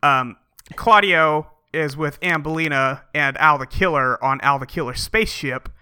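A man co-hosting a podcast in casual comedic chat, recapping with wry deadpan jokes. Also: on the high side, normal speed, clear, resonant tone, dry recording, clean studio sound. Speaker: podcast co-host.

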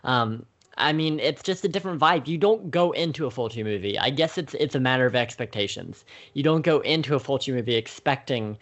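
A young man co-hosting a podcast who speaks in a measured, thoughtful way with frequent ums. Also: mid-range voice, lively intonation, a bit bright. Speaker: podcast co-host. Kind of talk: casual conversation.

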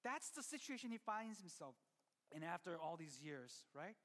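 A pastor preaches a conversational sermon built on storytelling, often restarting sentences and turning to listeners with asides. The voice is medium-pitched and fairly bright, with big pitch swings at a normal speed, carried by the long reverb of a large hall.

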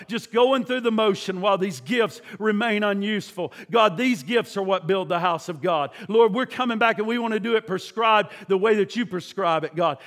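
A man's voice: high voice, a bit bright, big-room sound. A man leading a fervent spoken prayer in a sermon, repeating "God" between phrases, recorded in a church. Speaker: pastor. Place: church sanctuary.

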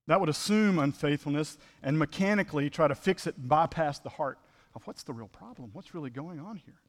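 A man's voice: on the high side, brisk. Preacher guy, chatty sermon, asks the room questions, big reverby church. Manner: conversational, rhetorical questions, acted asides. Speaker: pastor.

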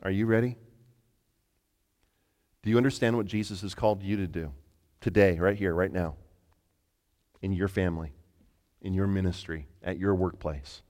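A man preaching a sermon as pastor, telling a story with halting starts and repeated words. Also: deep voice, darkish tone. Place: church sanctuary. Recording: long hall reverb.

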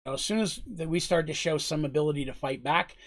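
Husky-voiced man retelling a tabletop session, conversational and rambling. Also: fairly high pitch, fast. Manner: conversational, rambling, with frequent fillers. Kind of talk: recounting a tabletop game session.

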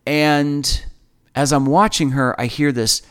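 A man in his forties telling a personal faith testimony in an earnest, emotional way, often halting and restarting. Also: on the high side, fairly even intonation, fairly bright tone, smooth. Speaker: speaker sharing a personal testimony.

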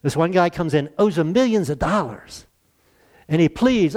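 This man in his sixties preaches from the pulpit in a relaxed, conversational way, frequently laughing and asking questions he doesn't expect answered. He speaks at normal speed, his fairly high voice lively in intonation and a little mellow.

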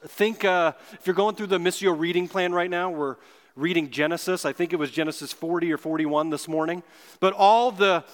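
A man preaching a sermon as pastor, earnest and emphatic, slowing down to stress key words. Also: sits high, fairly bright tone. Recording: long hall reverb.

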